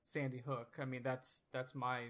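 A man's voice: medium pitch, flat delivery, a bit bright. A man hosting a podcast in casual chat, easygoing and agreeable with his guest. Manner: easygoing, agreeable, quick to laugh along. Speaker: podcast host.

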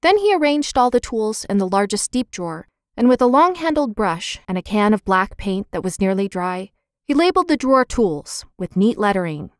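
A woman narrating a children's storybook in a lively, expressive reading, voicing the characters' lines. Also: mid-range voice, moderate pace, no echo, studio quality. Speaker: audiobook narrator.

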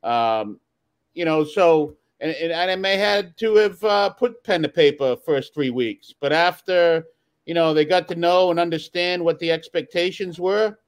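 A man with a Texan accent, a former correction officer, speaking in a measured, reflective way on a panel. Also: a little high, smooth. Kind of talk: casual panel talk.

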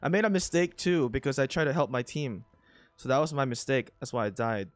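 A man casually commenting on his own gameplay, excitable and swinging between grumbling and thrilled. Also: medium pitch, a little fast, no echo, faint music behind.

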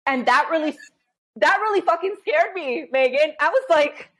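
A woman in her thirties, a podcast guest telling candid stories in an animated way, acting out her own inner voice and laughing often. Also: sits high, normal speed. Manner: animated storytelling, frequent laughter and quoted inner voice.

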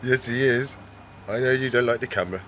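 A man's voice: mid-range voice, fairly quick, muffled recording, a little hiss or hum. Chatty man coaxing his reptiles. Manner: chatty, coaxes the animals in a soft, doting voice. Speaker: reptile shop owner and vlog host. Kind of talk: casual vlog chat.

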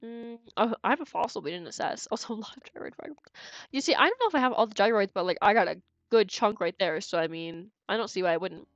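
A woman's voice: mid-range voice, animated, fast, no echo, highs cut off, soft background music. A woman streamer giving live game commentary in a chatty, giggly way, thinking aloud and stumbling over repeated words.

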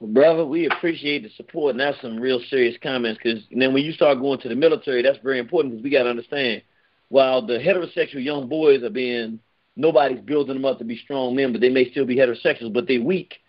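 A man hosting a heated call-in radio show, talking loudly and emphatically, close to yelling. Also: medium pitch, fast, dull audio. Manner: loud, emphatic, near yelling.

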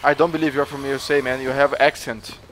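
A man with a Brazilian Portuguese accent hosts a gaming video, playing a mock cop in a playful in-game interrogation. He speaks fast at medium pitch with a flat delivery, loud and teasing, repeating phrases and mixing in Portuguese. There's slight background noise.

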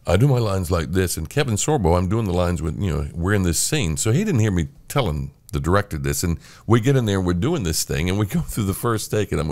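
This older man has a very deep voice that swings widely in pitch as he tells his stories. He animates them by putting on the voices of the people in them, relaxed and chatty as an experienced radio host. The sound is dry and close, with no room around it. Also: fast, no echo. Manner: animated storyteller acting out quoted voices. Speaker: radio host and podcast guest. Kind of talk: casual storytelling chat.

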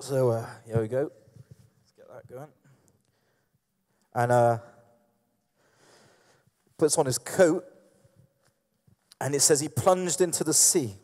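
A man's voice: medium pitch, takes it slowly, long pauses, darkish tone. A man preaching a sermon in a church hall, in a conversational way, with many fillers and restarts, acting out the scenes he describes. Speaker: pastor. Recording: echoey hall reverb.

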